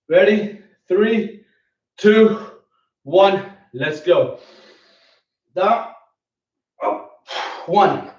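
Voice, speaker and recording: A man coaching a home workout, counting his reps aloud as he exercises, recorded from a distance in a room at home. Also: sits high. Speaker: fitness coach. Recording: echoey distant lo-fi home video.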